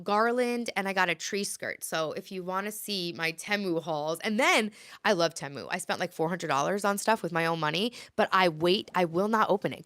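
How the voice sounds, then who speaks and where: A woman's voice: mid-range voice, a bit bright, dry recording. Chatty woman live-streaming. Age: 30s. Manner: chatty, answers comments aloud, rambling. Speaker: livestream host. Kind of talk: casual live-stream chat.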